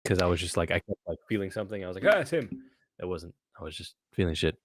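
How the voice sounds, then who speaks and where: A young man co-hosting a podcast, telling animated stories in casual chat and swearing often. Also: low voice, rapid-fire, slight background noise. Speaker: podcast co-host.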